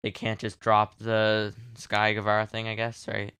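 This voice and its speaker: Gravelly, flat-voiced podcast co-host man. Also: lowish voice, no room sound. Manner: rambling, joking, quick to laugh. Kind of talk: casual wrestling recap chat.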